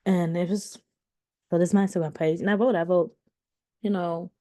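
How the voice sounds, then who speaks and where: A woman's voice: lowish voice, steady tone, moderate pace, warm tone. A woman in her thirties giving casual commentary to her viewers, rambling with many restarts and fillers. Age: 30s. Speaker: commentary vlogger.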